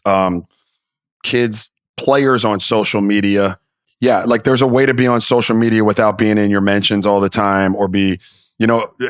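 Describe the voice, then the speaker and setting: A middle-aged man co-hosting a sports podcast, laid-back and blunt, talking in halting bursts. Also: fairly low pitch, dry recording, clean studio sound. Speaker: podcast co-host. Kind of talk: casual chat.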